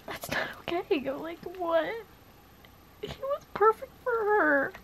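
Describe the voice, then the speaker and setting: A young woman talks casually to her camera at home, gushing and excitable, peppering her sentences with "like." Her voice sits high. A faint background noise hangs under the recording. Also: takes it slowly. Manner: gushing, excitable, says "like" a lot. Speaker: book vlogger. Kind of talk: casual reading vlog chat.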